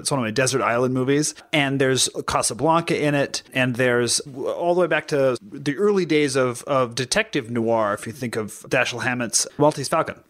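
A man co-hosting a film podcast, giving blunt, emphatic opinions in casual talk. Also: mid-range voice. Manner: emphatic, blunt opinions with some stammered restarts. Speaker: podcast co-host.

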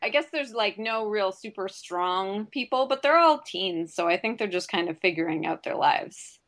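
A woman in relaxed film talk, laughing easily and often between her thoughts. Her pitch sits in a middle range. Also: normal speed. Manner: giggly, laughs often while talking. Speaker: podcast co-host. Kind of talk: casual film discussion.

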